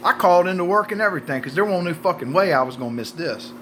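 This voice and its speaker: A man's voice: high-pitched, expressive, fast, fairly bright tone, slight background noise. A man, telling a story in a casual, profane, folksy way. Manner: folksy, profane, drawling with repeated "buddy" and "man".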